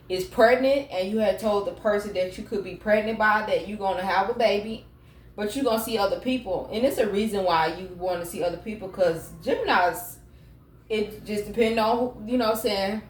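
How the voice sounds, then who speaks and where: A woman's voice: medium pitch, a little hiss or hum. A woman giving a casual tarot reading to camera at home, chatty and blunt, swearing freely. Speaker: tarot card reader. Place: room at home. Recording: echoey room, mic set far off.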